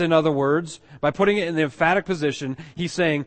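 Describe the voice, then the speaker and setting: A man's voice: on the high side, animated, fairly quick, few pauses. A man preaching a sermon, teaching emphatically and often restarting his phrases. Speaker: pastor.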